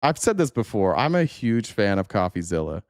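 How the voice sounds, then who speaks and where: A man's voice: lowish voice, sing-song, normal speed, dry recording, studio quality. A man hosting a livestream, reacting in casual, rambling commentary with swearing, laughter and many fillers. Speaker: livestream host.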